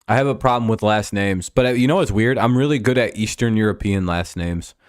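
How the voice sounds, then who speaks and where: Man, low smooth voice, dry close sound, casual profane play-by-play, rambling stream host. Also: brisk, no room sound. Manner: rambling and profane, with frequent fillers. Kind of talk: casual play-by-play watch-along chat.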